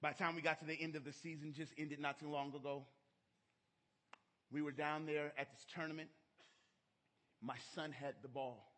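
A man's voice: fairly high pitch, flat delivery, moderate pace, pauses often. A middle-aged man preaching a sermon in church, telling a story emphatically. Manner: emphatic storytelling, rising to shouts.

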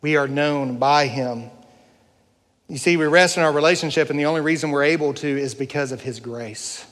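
A man's voice: on the high side, moderate pace, fairly bright tone, in a large hall. A male pastor preaching a sermon, earnest, building through rising rhetorical questions.

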